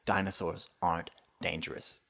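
A man's voice: low voice, flat delivery, moderate pace, vocal fry, bright, forceful tone. A man co-hosting a casual podcast from an apartment, joking around and swearing freely. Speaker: podcast co-host. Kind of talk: casual chat.

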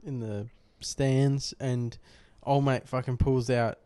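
A man's voice: mid-range voice, fairly even intonation, slow pace, mellow, no echo. A young man co-hosting a podcast, telling stories in a loose, sweary, filler-heavy way. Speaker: podcast co-host. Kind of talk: casual chat.

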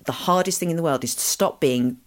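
A woman's voice: low-pitched, fairly quick. A woman talking as a podcast guest, telling stories and acting out the people she quotes. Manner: animated storyteller who acts out quotes. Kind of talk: podcast conversation.

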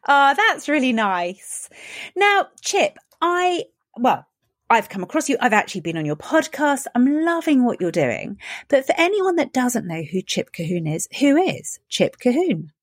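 A woman's voice: high-pitched, very animated, normal speed. A woman hosting a podcast interview, bubbly and cheerful with a smile in her voice. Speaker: podcast host.

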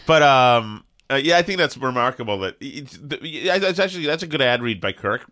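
A man's voice: mid-range voice, expressive, fairly quick, bright, forceful tone, dry recording, clean studio sound. A man hosting a casual radio chat show, riffing with sarcastic jokes. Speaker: host.

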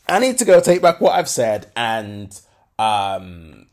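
A man's voice: lowish voice, sing-song, slow, darkish tone. A young adult man, hosting a solo podcast and talking candidly in slangy speech with many fillers. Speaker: podcast host.

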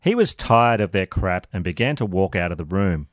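A man hosting a podcast, narrating a true-crime story with sardonic, expressive delivery. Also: low voice, normal speed, no room sound, clean studio sound. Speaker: podcast host.

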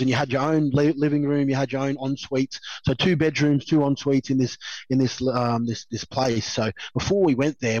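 A man's voice: medium pitch, darkish tone, no echo. An Australian man in his thirties with a mid-range voice, chatting as an interview guest. He rambles, restarts and laughs often as he tells stories. The recording is dry and a little muffled. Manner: rambling, laughs a lot, many fillers and restarts. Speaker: guest, former rugby league player. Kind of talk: casual storytelling chat. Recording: slightly dull dry recording.

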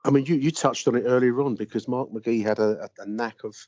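A middle-aged man co-hosting a casual football podcast, chatty and quick to laugh, trailing off into fillers. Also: medium pitch, steady tone, darkish tone, no room sound. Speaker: podcast co-host. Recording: dry, dull lo-fi sound.

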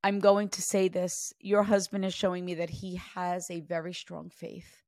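A woman working as a psychic medium, earnestly relaying messages during a reading and often dropping into soft, hushed passages. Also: fairly low pitch, completely flat delivery, moderate pace, dry recording, studio quality. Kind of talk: spirit reading session.

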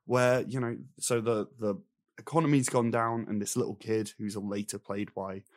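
A man's voice: fairly low pitch, steady tone, moderate pace, dry recording. Young guy ranting thru his film notes, annoyed, mocking voices, dry close sound. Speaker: film review podcast co-host. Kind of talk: casual chat.

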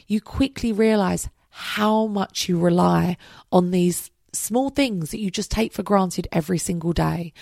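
Tired, gravelly-voiced woman podcasting. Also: medium pitch, dark tone, no room sound, studio quality. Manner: candid and chatty, swears freely. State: tired, voice worn out late at night. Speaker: podcast host. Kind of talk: casual solo podcast monologue.

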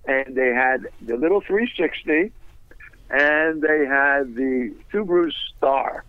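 An older man, a guest on a radio interview, telling anecdotes in a lively way and laughing through his stories. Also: mid-range voice, slow pace, dry recording. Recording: dull, dry lo-fi sound.

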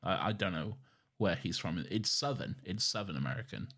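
Man, podcast co-host, casual chat, rambling, swears, self-mocking, lowish voice. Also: expressive, fairly quick, bright, forceful tone. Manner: rambling, swears, laughs at himself.

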